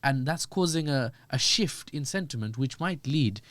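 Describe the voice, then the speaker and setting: Animated man, dry close sound. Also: medium pitch, moderate pace, no room sound. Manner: animated, joking, acts out quoted voices. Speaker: podcast guest. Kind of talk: conversational political commentary.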